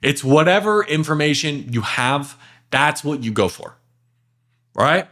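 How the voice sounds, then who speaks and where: A man's voice: a little high, lively intonation, a little slow, bright, forceful tone. A young man teaching sales, talking bluntly and directly with lots of fillers, sometimes acting out lines to a client. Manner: direct, blunt, talks to the viewer with frequent fillers. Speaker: sales trainer. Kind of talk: casual instructional talk with role-play examples.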